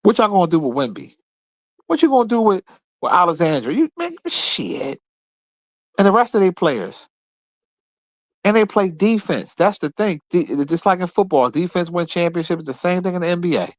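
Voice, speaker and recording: An animated man hosts his own show, trash-talking basketball rivals in a blunt and profane casual rant. His voice sits a bit high and swings widely up and down. The sound is dry and close. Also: brisk, dry recording. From Philadelphia area. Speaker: host.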